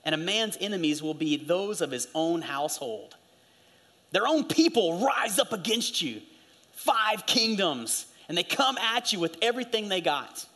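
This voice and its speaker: A middle-aged pastor with a high-sitting voice preaches a sermon, telling stories with animated swings and acting out the voices of people he quotes.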